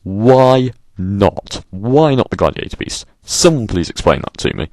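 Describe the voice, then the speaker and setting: Exasperated ranting man, swinging pitch. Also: big pitch swings, a little slow, a little mellow, dry recording. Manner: exasperated, sarcastic, swears freely. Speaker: vlogger. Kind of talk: ranting monologue.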